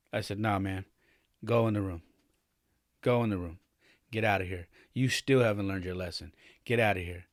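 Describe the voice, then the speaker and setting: A man's voice: lowish voice, fairly even intonation, a little fast, no echo, clean studio sound. A man in his forties hosting a podcast, telling a candid family story and acting out the dialogue, his voice climbing as he gets worked up. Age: 40s. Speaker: podcast host.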